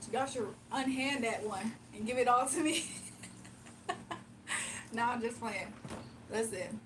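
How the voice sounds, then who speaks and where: At home early in the morning, a live-stream tarot reader from the US East Coast chats casually, laughs a lot, and reads out viewers' comments. Her voice is a little high, and she sounds far from the mic, with background noise.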